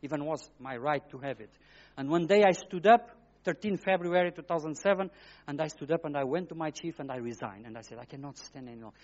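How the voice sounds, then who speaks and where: A man's voice: on the high side, expressive, brisk. Dramatic preacher man, dull lo-fi recording. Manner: dramatic, swings between hushed and loud; simple, broken phrasing. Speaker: guest preacher giving testimony. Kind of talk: emotional testimony sermon.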